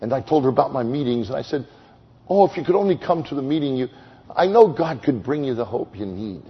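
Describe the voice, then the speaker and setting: A man preaching an evangelistic sermon, telling stories with sudden swings from loud high exclamations to hushed slow tones. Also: animated, husky. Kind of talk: sermon with storytelling. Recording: long hall reverb, dull lo-fi sound.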